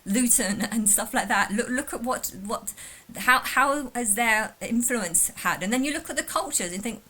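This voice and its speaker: Bright-voiced English woman rambling on camera. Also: fairly high pitch, animated, normal speed. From England. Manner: rambling, with many restarts and repeated words. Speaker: vlogger reacting to a video. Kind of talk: casual reaction commentary.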